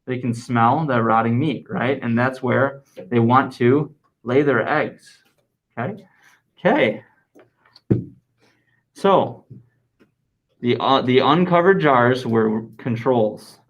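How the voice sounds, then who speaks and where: Lively male science teacher. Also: mid-range voice, muffled recording. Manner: lively, dictates slowly and repeats answers. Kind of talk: classroom lesson.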